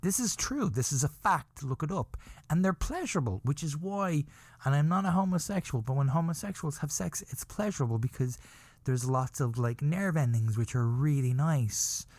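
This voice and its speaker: A man's voice: fairly high pitch, expressive, normal speed, darkish tone, no echo. A man hosting a podcast, telling a rambling comic story about himself and often laughing at his own words. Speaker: podcast host.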